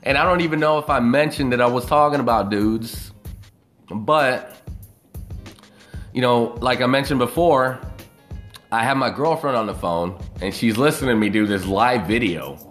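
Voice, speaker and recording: A man's voice: medium pitch, moderate pace, a bit bright, faint music behind. A man talking casually on a live video, rambling and swearing freely as he tells a story. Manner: profane, loose and rambling.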